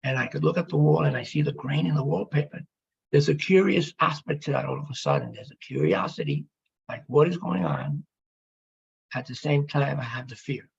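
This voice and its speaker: Male speaker, rough gravelly rasp, halting emotional testimony, muffled sound. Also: mid-range voice, sing-song, a little hiss or hum. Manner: halting, emotional, with pauses and restarts. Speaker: speaker telling his near-death story.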